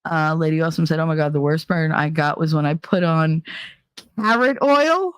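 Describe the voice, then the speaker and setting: Brief: middle-aged woman host, lower voice, animated storyteller, dry close sound. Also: moderate pace, smooth, no echo. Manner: animated, swears, mimics others' voices. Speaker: channel host. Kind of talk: casual storytelling chat.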